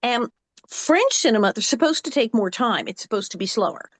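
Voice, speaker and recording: A woman in her sixties, an actress guest telling lively anecdotes in a casual interview. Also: a little high, brisk, no room sound. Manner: animated storyteller who acts out quotes.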